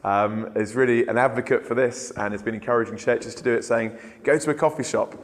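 A man giving a relaxed, conversational training talk as an evangelism trainer, with frequent ums and uhs. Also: medium pitch. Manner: relaxed, unhurried, filler-laden. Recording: long hall reverb.

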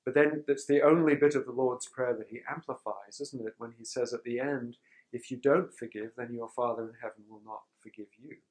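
A man giving a conference talk to pastors in a sermon tone, measured and reflective, often pausing to clear his throat. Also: mid-range voice, steady tone, darkish tone, poor audio. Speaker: speaker teaching pastors on forgiveness.

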